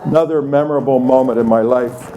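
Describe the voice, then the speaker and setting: A man's voice: mid-range voice, fairly even intonation, fairly quick, warm tone, a little hiss or hum. An older man giving a conversational talk at a conference, telling anecdotes and acting out the people in them. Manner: conversational, tells anecdotes with voiced quotes. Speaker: conference speaker. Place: conference room.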